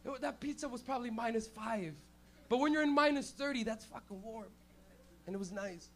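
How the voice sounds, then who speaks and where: A male comedian from Canada hosting a club show, telling crude, animated stories with loud shouted bits. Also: extremely high pitch, a little fast, creaky. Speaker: stand-up comedian and host. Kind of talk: stand-up comedy set.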